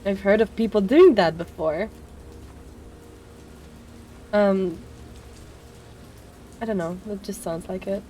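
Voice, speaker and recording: A woman's voice: medium pitch, slow pace, pauses often, warm tone, slight background noise. A woman streaming a story game, musing hesitantly between scenes with lots of fillers. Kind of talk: casual gameplay commentary.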